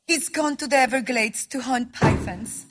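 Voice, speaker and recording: A woman's voice: fairly high pitch, moderate pace, slight background noise, close to an everyday voice. An actress playing a friendly, matter-of-fact woman. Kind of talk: comedy drama acting.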